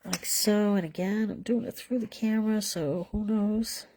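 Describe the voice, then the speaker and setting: A woman's voice: medium pitch, steady tone, moderate pace, mellow, slight background noise. A woman hosting a live card-making class from home, chatting casually as she colors and assembles cards, often trailing off mid-sentence. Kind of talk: casual live craft demonstration.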